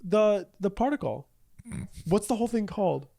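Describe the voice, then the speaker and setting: Lively joking man on a podcast. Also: high voice, vocal fry. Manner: crude, joking, quick to laugh. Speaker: podcast co-host. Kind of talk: casual comedic debate chat.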